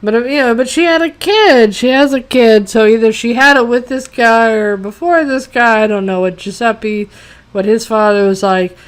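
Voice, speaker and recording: Woman, fairly high voice, smooth clear tone, exasperated, profane, sarcastic, rambling review rant. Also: normal speed. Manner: rambling, with many fillers. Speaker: TV episode reviewer. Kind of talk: casual ranting review.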